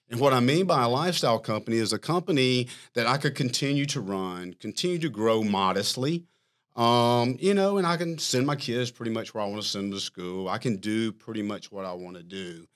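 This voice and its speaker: Give me a man with a middle-pitched voice, casually telling an animated, self-mocking story in an interview. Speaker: firm CEO, podcast guest.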